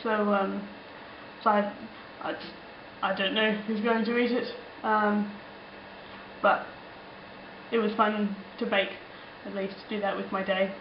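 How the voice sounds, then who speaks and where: A woman's voice: medium pitch, flat delivery, slow pace, a little hiss or hum. A young woman with an Australian accent, chatting casually as she answers viewer comments in a rambling, playful way with lots of ums. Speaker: vlogger. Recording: roomy, slightly dull home recording.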